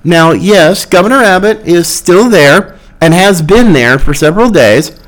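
Lively, high-voiced man ranting slowly. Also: poor audio. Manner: impassioned, argumentative, with mocking quotes. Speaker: podcast host. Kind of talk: political commentary monologue.

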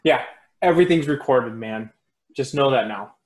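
A man's voice: mid-range voice, expressive, moderate pace, darkish tone. Brief: man co-hosting a podcast, needling his partner, recorded in an echoey room. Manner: teasing. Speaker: podcast co-host. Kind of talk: casual podcast chat.

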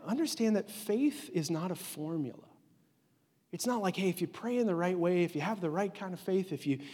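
A man in his forties preaching a conversational sermon as a pastor, earnest and informal, dropping to a hush at tender moments. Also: a little high, slightly rough. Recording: long hall reverb.

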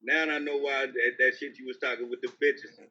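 Man, podcast co-host, husky, bright tone, profane teasing storyteller. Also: medium pitch, flat delivery, fairly quick. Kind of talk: casual chat. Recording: dull lo-fi sound.

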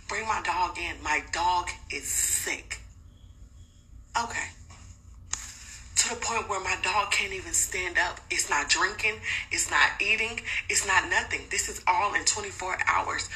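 A mother telling a personal story in a casual, animated and blunt way, swearing freely. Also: fairly low pitch, rough recording.

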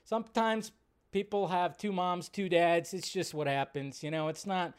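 A man with a fairly high voice hosts a casual live show. He rambles, restarts his sentences and swears freely, and his rants grow loud and animated. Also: moderate pace, clear, resonant tone. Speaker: host.

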